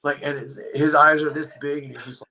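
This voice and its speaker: A man tells a story in a loose, rambling podcast chat and keeps stacking up "like" as he goes. His voice is bright and forward, with a husky edge. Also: fairly high pitch, fairly quick, low-quality recording. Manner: rambling, animated, heavy use of "like". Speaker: podcast guest.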